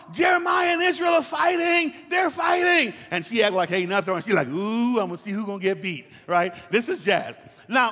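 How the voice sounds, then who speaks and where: A man's voice: sits high, a bit bright. Older man, pastor, conversational sermon, congregation asides, long church reverb.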